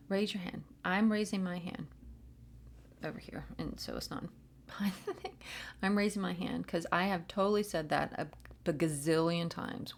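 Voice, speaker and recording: Gravelly-voiced woman giving a chatty pep talk. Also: lowish voice, normal speed, slight background noise. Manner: chatty, rambling, self-mocking, encouraging. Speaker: spiritual reader, channel. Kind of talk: casual spiritual pep talk to camera.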